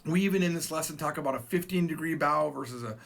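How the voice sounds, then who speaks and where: A man teaching a recorded Japanese lesson, explaining slowly and repeating phrases, with casual asides. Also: fairly high pitch, vocal fry, a bit bright. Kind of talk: recorded video language lesson.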